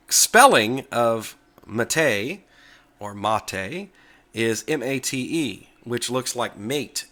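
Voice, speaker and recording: A man hosting a casual tech talk video from the United States, relaxed and chatty, sometimes correcting himself as he goes. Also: mid-range voice.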